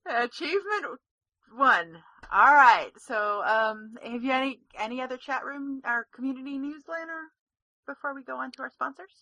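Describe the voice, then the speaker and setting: A woman's voice: sits high, moderate pace, bright, forceful tone, no echo. A woman co-hosting a gaming podcast, chatty and giggly, often trailing off mid-sentence. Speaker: podcast co-host. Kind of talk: casual chat.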